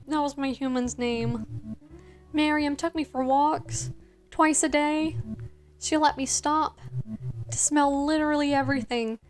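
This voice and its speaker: A woman voicing an excitable, friendly ghost dog who chatters sweetly. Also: sits high.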